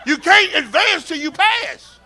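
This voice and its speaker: A male pastor, preaching a sermon and moving from shouts and call-and-response to quiet, close talk. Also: very high voice, big pitch swings, unhurried, vocal fry, soft background music. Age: 50s. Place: church sanctuary with congregation.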